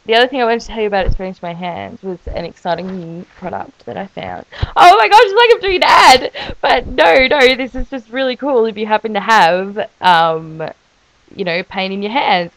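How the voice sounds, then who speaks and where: In a casual, rambling video diary, a woman vlogger chats about her life and her illness story, dropping self-mocking jokes and jokey asides along the way. Her voice is fairly low and fairly quick, recorded with no echo but poor audio quality.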